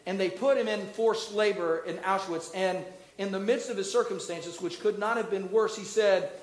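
A middle-aged man preaching a sermon as a pastor, asking the congregation questions, building to loud emphatic peaks and dropping low and soft. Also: normal speed, echoey room, low-quality recording. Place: church.

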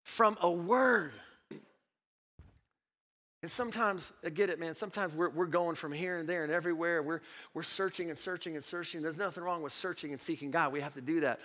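A man preaching a sermon and telling a personal story, repeating words often and swinging from hushed tones to sudden exclamations. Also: a little high, fairly even intonation, quick pace. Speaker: pastor. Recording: long hall reverb.

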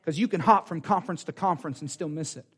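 Fervent preacher, high voice. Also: male voice, quick pace, breathy edge. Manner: animated preaching, acts out quoted voices, repeats phrases. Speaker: pastor. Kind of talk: sermon. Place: church sanctuary.

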